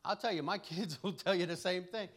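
Middle-aged guy preaching easy and chatty, slightly high voice, chuckles thru his stories, lots of restarts. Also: fairly quick, fairly bright tone. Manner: folksy, chuckling storyteller with frequent restarts. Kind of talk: conversational sermon with personal stories.

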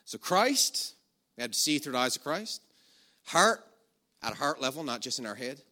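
Bright-voiced animated male preacher. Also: mid-range voice, moderate pace. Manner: animated storytelling, shouts quoted commands. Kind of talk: sermon.

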